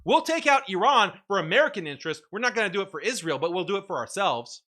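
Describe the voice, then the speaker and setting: A man mockingly voicing a swaggering, boastful male braggart with a loud, slow bark. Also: high-pitched, sing-song, heavily acted.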